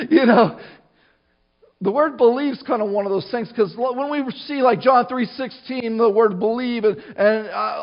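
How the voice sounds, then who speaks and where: High-voiced male pastor preaching, lo-fi. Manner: conversational preaching with frequent restarts and asides. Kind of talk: sermon.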